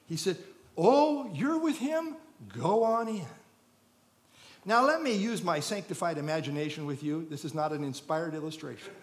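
A man preaching a sermon, telling an illustration story and building to loud, emphatic peaks. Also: sits high. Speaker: pastor.

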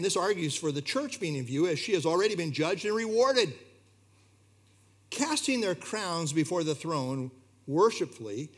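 A man's voice: high voice, slightly rough. A man preaching a sermon in an earnest, emphatic way, his delivery rising and falling. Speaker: pastor.

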